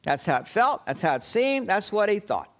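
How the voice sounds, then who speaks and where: A man preaching a sermon, telling the story dramatically and often dropping to a hushed, low tone. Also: big pitch swings, normal speed. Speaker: pastor.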